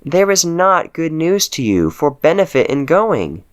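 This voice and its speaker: A man's voice: a little high, big pitch swings, measured pace, pitched above the performer's own voice. A man reading aloud, voicing a stern older army commander who gives firm orders.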